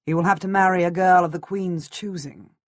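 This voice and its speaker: A woman's voice: lowish voice, steady tone, fairly quick, no echo, clean studio sound, close to an everyday voice. A woman doing a blunt noble husband. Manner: blunt, matter-of-fact. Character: stern middle-aged noble husband, blunt.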